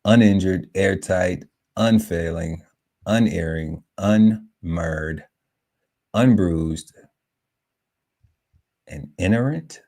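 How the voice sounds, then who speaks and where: This is a man with a very low voice who takes his time, unhurried and drawn out. He reads a list of words aloud on a relaxed podcast panel. He stops to muse over them and laughs along the way. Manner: slow, musing list-reading broken by laughter and asides. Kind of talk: casual podcast chat, reading word lists aloud.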